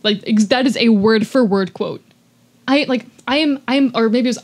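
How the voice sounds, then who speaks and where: A woman's voice: fairly high pitch, normal speed. A woman telling a story in a casual podcast chat, full of likes and restarts and acting out what people said. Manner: animated, many likes and restarts, acts out quotes.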